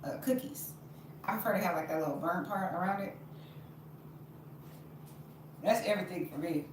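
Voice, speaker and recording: A woman's voice: on the low side, normal speed. Woman, chatty live-stream baker, very echoey kitchen, distant phone mic, noisy room. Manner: chatty, expressive, talks to viewers while baking. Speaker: vlogger baking at home. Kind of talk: casual live-stream chat. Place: home kitchen.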